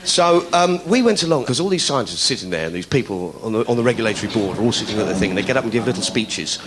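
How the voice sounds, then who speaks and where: A man doing stand-up storytelling, animated and laughing, slipping into high voices to mimic people. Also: very fast, background noise. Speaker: stand-up comedian.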